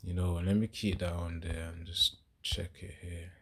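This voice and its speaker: A man giving a casual, chatty scripture talk, laughing often and reading verses slowly and with emphasis. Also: low-pitched, little pitch movement, heavy background noise. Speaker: scripture teacher.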